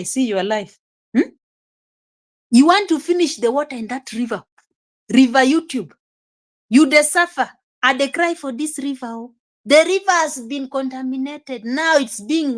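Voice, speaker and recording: A woman giving casual reaction commentary, exclamatory and scolding, chuckling often. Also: sits high. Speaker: reaction vlogger.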